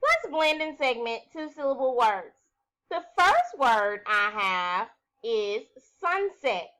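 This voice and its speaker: A woman teaches a recorded phonics lesson for young children, her voice bright and a little high. She talks slowly and clearly, stretching out sounds as she sounds out words. Her pitch moves around a lot as she encourages the class. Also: sing-song.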